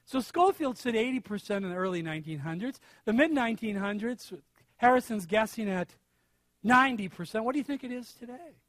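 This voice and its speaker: Middle-aged man, high-pitched pastor, emphatic sermon delivery, dry close sound. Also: lively intonation, brisk, no room sound. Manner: emphatic, swings from hushed to loud stress. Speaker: preacher.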